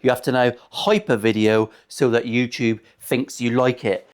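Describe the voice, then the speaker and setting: A man's voice: medium pitch, steady tone, normal speed. A man, a luthier talking casually as he works on a guitar in his workshop, rambling into crude, sweary jokes. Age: 40s. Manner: chatty, crude, rambling banter with frequent swearing.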